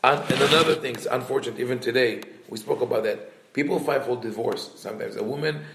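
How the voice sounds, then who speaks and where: A man with a gravelly, rough edge to his mid-pitched voice, teaching as a rabbi. He retells an old story, thinking aloud with restarts and acting out each quote in a livelier voice. His voice rings in a roomy, echoey space. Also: fast, fairly bright tone, a little hiss or hum. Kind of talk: talmudic story lesson.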